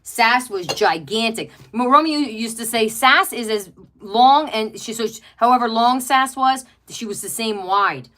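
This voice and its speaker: A woman's voice: on the high side, unhurried, hardly any pauses, fairly bright tone. A middle-aged woman hosting a home craft livestream, chatting casually, rambling and gushing, reading viewer comments aloud. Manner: rambling and chatty, gushes over pets, many fillers. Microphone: webcam.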